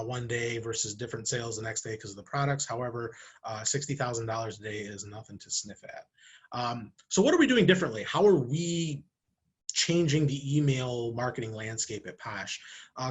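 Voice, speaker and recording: A man's voice: mid-range voice, slightly rough. A man, a marketing director, talks to camera in a conversational way, asking rhetorical questions and acting out short examples. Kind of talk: talking-head marketing video. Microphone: camera, speaking to camera.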